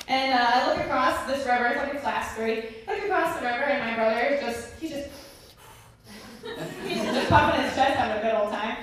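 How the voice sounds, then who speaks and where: A woman telling a funny personal story on stage, chatty and giggly with lots of fillers. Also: high-pitched. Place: stage at a live storytelling event. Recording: echoey hall, distant mic, background noise.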